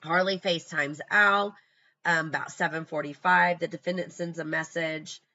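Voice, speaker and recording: Casual true crime commentator with a sharp, bright tone. Blunt and scornful, walks through notes. Lo-fi, muffled recording. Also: medium pitch, fairly even intonation, moderate pace. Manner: blunt, profane, scornful asides.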